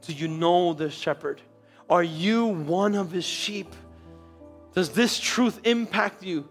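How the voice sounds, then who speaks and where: A male pastor preaching a sermon in a church, telling a story with dramatic swings between quiet and loud. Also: high voice, slow pace, faint music behind. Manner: storytelling, dramatic shifts in loudness.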